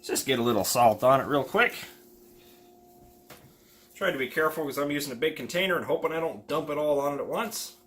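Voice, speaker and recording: A man co-hosting a jokey home cooking demonstration, talking in a deliberately bad fake Irish accent. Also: on the high side, animated, a bit bright. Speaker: cooking show co-host. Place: home kitchen.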